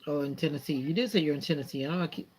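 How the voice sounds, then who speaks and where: A woman's voice: low voice, racing, darkish tone, slight background noise. A woman hosting a livestream, chatting casually with viewers, asking them questions and closing with a blessing and a prayer. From United States. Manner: friendly, asks viewers questions, closes with a prayer. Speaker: livestream host. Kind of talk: casual chat answering viewer comments.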